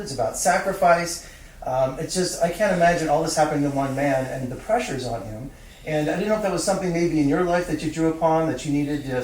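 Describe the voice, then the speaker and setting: A man's voice: fairly high pitch, darkish tone. A man interviewing a film director, effusive and chatty, with fillers and praise. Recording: echoey room, distant mic, faint noise.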